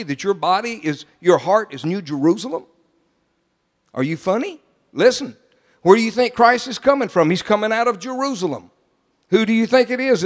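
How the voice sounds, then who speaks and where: Emphatic older preacher, high voice. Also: male voice. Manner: emphatic preaching, swinging between quiet asides and loud declarations. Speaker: pastor. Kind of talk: sermon. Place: large church sanctuary. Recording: long church hall reverb.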